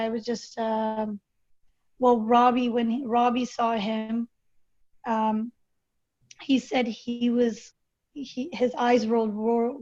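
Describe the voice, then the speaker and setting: A woman guest telling a personal story in an interview, halting and hesitant with many fillers and restarts. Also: fairly high pitch, a little mellow. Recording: dull lo-fi recording.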